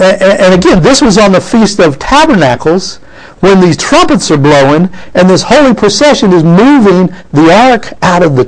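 A man's voice: high-pitched, low-quality recording. A man preaching a sermon, reading scripture aloud and calling out "amen?" to his congregation.

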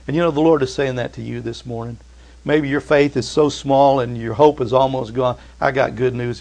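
A middle-aged man preaching a sermon, dropping to slow, hushed emphasis and climbing to loud, excited peaks. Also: medium pitch. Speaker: pastor.

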